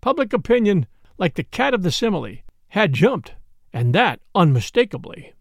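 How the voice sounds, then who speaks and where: With a gravelly, high voice and big swings in pitch, a narrator reads a classic story aloud at a measured pace for an audiobook. It is recorded close and dry, with no room sound.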